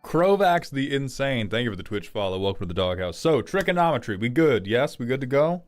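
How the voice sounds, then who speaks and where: A lively, swinging male streamer who reviews viewers' card game decks on a live broadcast. He talks casually and swears freely, with his pitch bouncing all over as he breaks into sudden loud outbursts. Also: fast, soft background music. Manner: animated, profane, breaks into loud outbursts and laughter. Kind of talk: casual livestream commentary.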